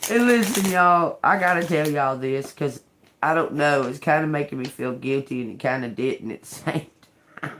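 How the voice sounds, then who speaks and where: A woman's voice: low voice, moderate pace, fairly bright tone, a little hiss or hum. A woman tarot reader chatting casually to her viewers, laughing through her words, cursing freely and calling them y'all.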